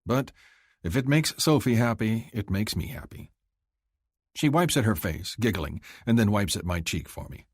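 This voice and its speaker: Reading a fantasy romance told in first person, this male audiobook narrator uses a low voice with a husky grain, delivering it expressively at a moderate pace. His pitch ranges widely, rising high for the heroine's lines, in a dry, close recording with no room sound.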